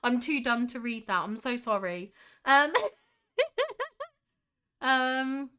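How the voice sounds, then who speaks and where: A woman's voice: high-pitched, big pitch swings, very slow, pushed and bright, clean tone. A young woman hosting a casual livestream, reading chat and gushing over screenshots with frequent giggles. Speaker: livestream host.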